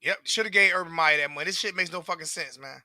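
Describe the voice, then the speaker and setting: A man's voice: on the high side, fast, sharp tone, no room sound, clean studio sound. A man, ranting profanely and repetitively as a sports fan commentator. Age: 40s.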